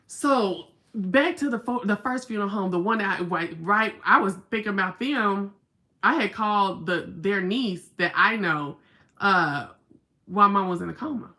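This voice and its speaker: A woman's voice: mid-range voice, normal speed, bright, forceful tone. A Southern American woman hosting a casual livestream, chatting, reading viewer comments aloud and telling stories. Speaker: livestream host.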